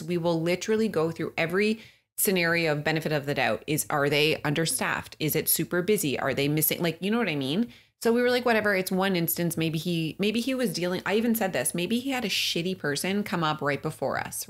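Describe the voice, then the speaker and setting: A woman co-hosting a podcast, telling a story in casual chat, animated and swearing freely, often laughing. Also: lowish voice. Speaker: podcast co-host.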